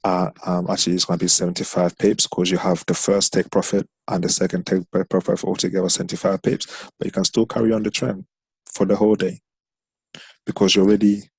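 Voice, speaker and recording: A man's voice: sits low, level tone, fast talker, vocal fry, a little mellow, husky, dry recording. A man teaching a trading strategy over a screen share, explaining step by step and counting chart candles aloud. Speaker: trading instructor.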